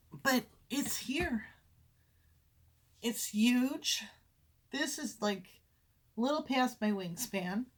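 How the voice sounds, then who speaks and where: A woman hosting a crafting podcast at home, chatting casually and rambling as she shows her projects. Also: on the high side. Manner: chatty, rambling, self-correcting. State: briefly out of breath. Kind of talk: casual chat. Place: home craft room with windows.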